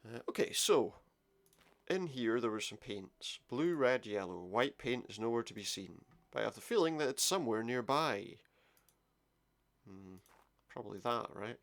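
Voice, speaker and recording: A man's voice: mid-range voice, lively intonation, moderate pace, fairly bright tone. A man giving casual commentary while playing a game, muttering his thoughts aloud. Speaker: let's play gamer.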